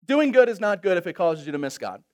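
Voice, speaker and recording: A male pastor preaches with humor, moving between loud exhortation and soft reflection. His voice sits high and swings expressively, full of energy. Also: big pitch swings, fast. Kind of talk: sermon.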